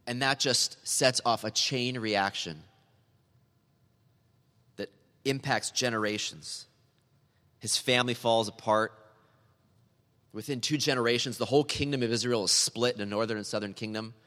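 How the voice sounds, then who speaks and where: A man's voice: medium pitch, moderate pace, pauses often, pushed and bright, long reverb tail. A man preaching a sermon in a church, earnest and building to emphatic, repeated appeals. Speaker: pastor.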